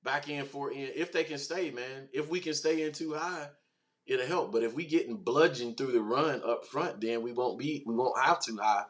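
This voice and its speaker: Male stream host, animated and slangy, average pitch, riffing with chat. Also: normal speed. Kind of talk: casual livestream talk, reading chat comments.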